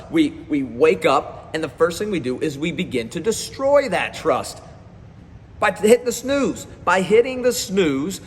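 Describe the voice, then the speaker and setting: A man giving a live-streamed motivational talk as a performance coach, energetic and speaking straight to his viewers, often repeating phrases. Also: a little high, big-room sound, slight background noise.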